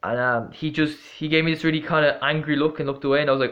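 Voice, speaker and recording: A man's voice: fairly high pitch, steady tone, quick pace. A man vlogging, telling a story in a casual, rambling way with lots of fillers and restarts, blunt and exasperated. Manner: blunt, swearing, exasperated retelling. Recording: dull lo-fi recording.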